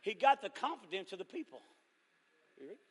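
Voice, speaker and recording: A man preaching a revival sermon, teasing the congregation and rising to shouted fervor. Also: high voice, sing-song, a little fast, slightly rough. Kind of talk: joking, call-and-response revival sermon. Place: church revival service. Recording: long echoing church hall reverb.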